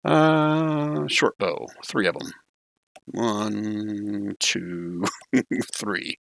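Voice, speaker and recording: A man's voice: lowish voice, drawn-out words, vocal fry, fairly bright tone, dry recording. A man narrating a tabletop game as game master, casual and often laughing.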